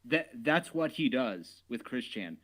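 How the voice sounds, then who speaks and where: A man co-hosting a casual stream, joking, swearing and slipping into quick impressions. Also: medium pitch, big pitch swings, a bit bright, low-quality recording. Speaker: stream guest co-host.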